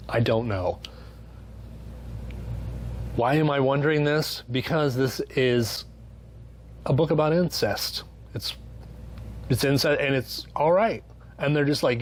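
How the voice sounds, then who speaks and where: A man's voice: mid-range voice, slow pace, pauses often, slight background noise. A man giving a casual, sarcastic book review, swearing freely and tossing in mock-voiced asides. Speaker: book reviewer, channel host.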